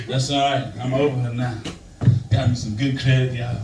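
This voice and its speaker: A man's voice: medium pitch, expressive, takes it slowly, long pauses, very noisy. An older man doing a stand-up comedy set on stage, telling loose, rambling stories to a live audience. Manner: loose, storytelling, Southern-flavored delivery. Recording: echoey room, mic heard from a distance.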